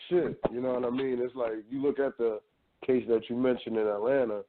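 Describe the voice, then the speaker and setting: A man co-hosting a talk radio show, speaking in a measured, reflective way. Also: mid-range voice, level tone, slight background noise. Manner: measured, reflective, many fillers. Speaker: radio co-host. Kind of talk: casual talk radio chat. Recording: tinny phone-line audio.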